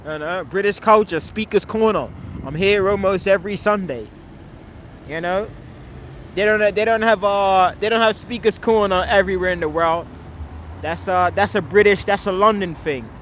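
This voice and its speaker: Man, high voice, outdoor street debater, emphatic, swears, faint traffic behind. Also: moderate pace, a bit bright, highs cut off. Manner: emphatic, repeatedly asks "you understand, man?"; swears casually. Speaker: street speaker at a public speaking corner. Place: outdoors in a London park.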